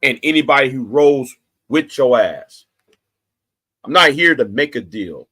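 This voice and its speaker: With a mid-range, slightly rough voice that's bright and forceful, a forty-something YouTube commentator rants angrily at the camera. He's animated yet unhurried, swearing, making threats, and repeating himself for emphasis.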